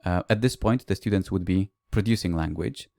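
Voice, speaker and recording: A man's voice: low voice, fairly quick, vocal fry, warm tone, no room sound. A man, a language teacher, giving a recorded conference presentation that mixes explanation with classroom anecdotes and the odd "uh".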